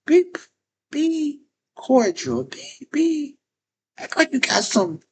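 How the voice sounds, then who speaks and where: A woman's voice: high voice, sing-song, takes it slowly, slight background noise, poor audio. A woman giving casual talk-to-camera advice as a phone chat operator, often repeating phrases and restarting sentences.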